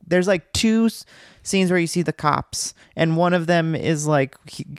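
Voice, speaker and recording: Guy talking movies on a podcast, kinda high voice, dry close sound, rambles a lot. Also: unhurried, clean tone, no room sound. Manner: rambling, many fillers and restarts. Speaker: podcast co-host. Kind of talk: casual film discussion.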